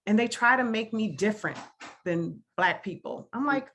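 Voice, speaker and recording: A woman from Milwaukee, Wisconsin, with the local accent, joins a video call discussion as a guest speaker, talking casually yet earnestly and emphatically, often repeating phrases. Her medium-pitched voice is animated and a bit bright at a normal speed, with slight background noise.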